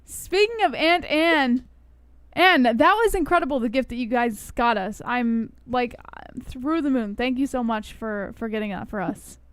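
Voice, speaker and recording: A woman co-hosting a live stream in casual chat, soft-spoken and warm in thanks. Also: on the high side, measured pace, clean tone, no echo. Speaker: stream co-host.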